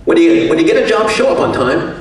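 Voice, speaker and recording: Heard from a distant mic in an echoing banquet hall, this radio executive's after-dinner speech is full of self-deprecating jokes and stories. He talks fast in a gravelly, sing-song voice pitched on the high side.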